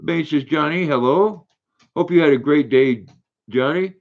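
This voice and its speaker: A man's voice: a little high, a little slow, vocal fry, dull audio. An older man hosting a casual livestream, chatting and reading viewer comments aloud while talking to his dog. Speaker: livestream host.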